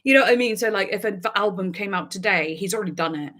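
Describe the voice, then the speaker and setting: A woman talks casually to her livestream viewers in a mid-pitched voice. She rambles from one thought to the next and often breaks into laughter. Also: fast talker, a bit bright, a little hiss or hum. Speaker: music reaction YouTuber.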